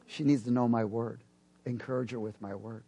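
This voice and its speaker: A man preaching a sermon, animated and building to loud emphatic peaks, acting out quoted dialogue along the way. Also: medium pitch, breathy edge. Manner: acts out quoted dialogue in other voices. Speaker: pastor.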